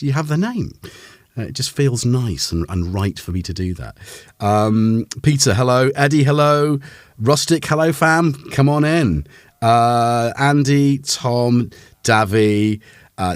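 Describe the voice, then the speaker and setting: A man's voice: mid-range voice, no room sound. A man hosting a casual livestream from a home studio, rambling and self-deprecating as he greets his chat by name. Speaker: livestream host.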